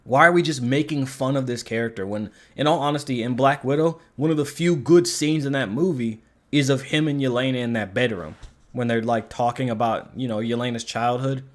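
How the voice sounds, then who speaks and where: A man talks through a film review in a loose, rambling way, full of fillers and curses. He sounds openly exasperated, and his voice sits at an ordinary middle pitch. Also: fairly quick. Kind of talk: casual movie review rant.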